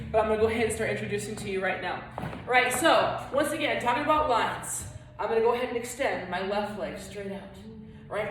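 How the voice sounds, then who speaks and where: A woman's voice: on the high side, fairly bright tone, slight background noise. A woman teaching a flamenco dance lesson, chatting encouragingly and counting beats aloud as she claps and moves. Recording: echoey room, voice from a distance.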